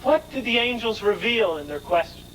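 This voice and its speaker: A man's voice: sits high, animated, moderate pace, a bit bright, slight background noise, low-quality recording. A man giving a scripture lecture, explaining in an emphatic way and asking rhetorical questions of his listeners.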